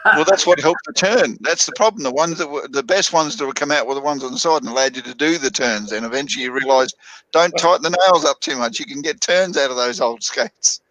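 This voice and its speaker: Brief: wry, teasing man, slightly raised pitch, bright tone. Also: a little fast, poor audio. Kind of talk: casual chat among friends.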